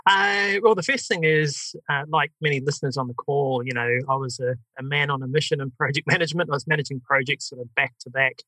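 New Zealand accent, man, middle-aged, podcast guest, bright tone, chatty, laughs a lot. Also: medium pitch, fast, hardly any pauses, dry recording, rough recording. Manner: chatty, laughs often, many fillers. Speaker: guest, software company CEO. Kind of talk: podcast interview, telling his story. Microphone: video call.

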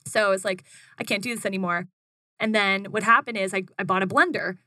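Bright-voiced young woman telling a lively story. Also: brisk, no echo. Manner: animated, acts out her own quotes in a higher voice, frequent "like". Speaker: guest, food business founder. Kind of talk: casual storytelling interview.

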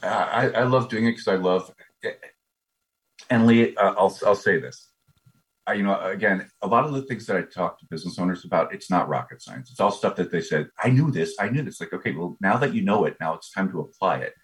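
A man's voice: sits low, a little fast. A man talking as a business coach guest in a casual interview, eager and often repeating his first words. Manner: eager, repeats words when starting a thought.

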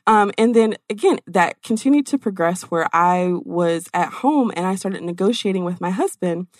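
A middle-aged woman telling her own story in casual conversation, animated and acting out quoted exchanges with lots of "like". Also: on the low side, moderate pace, few pauses, dry recording, clean studio sound.

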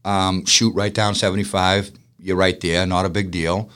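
Guy, business owner, talks low and rambly, lots of restarts and jokes on himself. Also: flat delivery, normal speed, fairly bright tone. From Boston. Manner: chatty and self-mocking, many restarts. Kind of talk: casual interview storytelling.

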